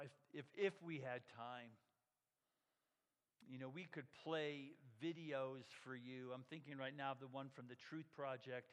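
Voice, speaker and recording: Man, pastor delivering a sermon; unhurried, emphatic, drops to hushed tones; big reverberant room. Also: a little high, smooth. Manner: slow, emphatic preaching that drops to a near whisper.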